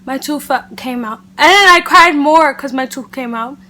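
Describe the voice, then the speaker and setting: A woman with a high, bright-sounding voice recounts a personal story in a casual, chatty vlog. Her delivery is animated and loose, full of "like" and "literally". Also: moderate pace. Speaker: beauty vlogger. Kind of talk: casual storytime chat to camera.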